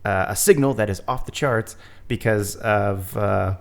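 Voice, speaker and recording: A man's voice: fairly low pitch, unhurried, vocal fry. Meet a male podcast host chatting casually about a film. He rambles along and pokes fun at himself, laughing often. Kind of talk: casual movie commentary chat.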